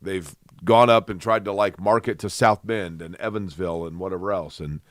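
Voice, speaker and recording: A man's voice: low voice, moderate pace, dry recording, clean studio sound. A man co-hosting a sports talk show, grumbling playfully and firing off rhetorical questions. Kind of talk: casual sports chat.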